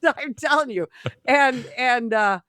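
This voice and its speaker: A woman's voice: sits high, slow, no echo. A woman from Illinois, a retired police sergeant, telling a story in a casual interview and acting out the voices of the people in it. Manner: animated storyteller, acts out quoted voices.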